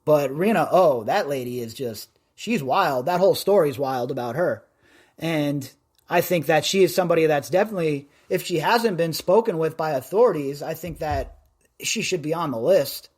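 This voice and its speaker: A man from Las Vegas hosting a podcast live stream, chatting in a rambling, loudmouthed way. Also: fairly high pitch, normal speed. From Las Vegas, USA. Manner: rambling, self-described loudmouth. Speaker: podcast host. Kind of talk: casual live-stream chat.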